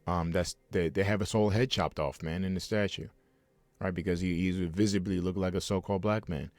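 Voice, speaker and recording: Low-voiced fiery preacher man. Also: fairly even intonation, brisk, darkish tone, no room sound. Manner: rambling, fiery, many restarts and asides. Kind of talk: heated streamed sermon with scripture reading.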